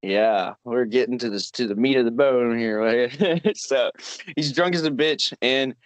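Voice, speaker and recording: In a dry recording, a young man's medium-pitched, unhurried voice carries a meandering, foul-mouthed tale from his job. He's co-hosting a relaxed podcast chat and laughs frequently.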